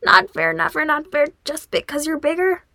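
A woman voicing a small, cheeky young male dwarf who teases his older brother in a high, pleading tone, for an audiobook reading. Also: fairly even intonation, normal speed, creaky, dry recording, studio quality, full character voice. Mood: teasing, whining. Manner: bright, teasing, high and pleading.

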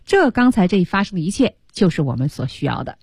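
A woman teaching on a radio lesson, her pitch swinging widely as she coaxes listeners through each line of a story. Her voice is a little low and husky, and the studio sound is dry and close. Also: fast talker, no room sound. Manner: translates line by line, lively and coaxing. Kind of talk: language lesson explaining in Mandarin. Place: broadcast studio.

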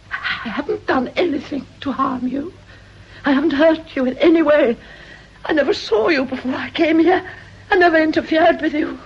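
A woman's voice: high voice, a little hiss or hum, lightly acted. An actress playing a fragile, frightened woman in a vintage radio drama, pleading to be left alone in a trembling voice. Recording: dull lo-fi old radio recording.

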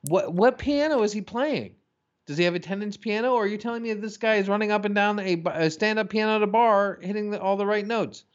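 A man hosting a casual chat, reading listener jokes aloud with profanity and animated put-on voices. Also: high-pitched, fast, muffled recording. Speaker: podcast host reading listener questions.

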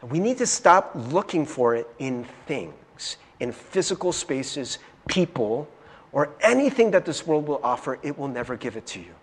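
A man preaching a sermon in an animated way, swinging from loud to hushed and often stammering as he restarts. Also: medium pitch, normal speed, husky, big-room sound.

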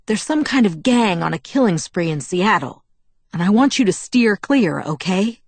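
A woman reading the part of a sullen, gruff middle-aged father in an audiobook, with curt, grumbling lines. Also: medium pitch, expressive, moderate pace, dry recording.

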